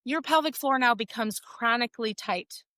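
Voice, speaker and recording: A woman physical therapist, a guest on an interview show, explaining her work in casual, animated talk full of "like" and "right?". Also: fairly high pitch, moderate pace, no echo. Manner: animated storytelling, frequent "like" and "right?".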